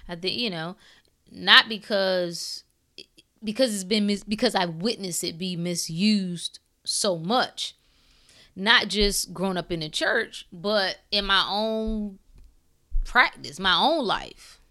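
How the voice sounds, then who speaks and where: A woman hosting a podcast, speaking in a blunt, preachy way with swearing and shifting between calm talk and fired-up bursts. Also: mid-range voice, slow. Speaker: podcast host. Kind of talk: impassioned spiritual talk.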